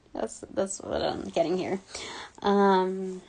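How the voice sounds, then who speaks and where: Woman, casual intuitive reader; unhurried, gravelly fry, rambling and giggly. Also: medium pitch, steady tone, darkish tone. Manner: rambling, many ums and likes, giggly. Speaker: spiritual reader. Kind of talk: casual intuitive reading monologue.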